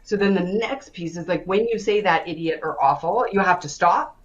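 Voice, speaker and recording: A woman coach tells her stories briskly, jumping into other people's voices as she quotes them. Her voice sits a little low. It comes through a muffled video-call line. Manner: lively, acts out dialogue in quoted voices. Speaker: stress coach and guest speaker. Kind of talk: animated storytelling in an online session.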